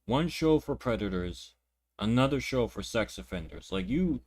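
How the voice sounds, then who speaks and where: A young reaction channel host with a fairly low, animated voice reacts to clips at a moderate pace. His indignant ranting is laced with profanity, and he tends to repeat words and begin sentences again.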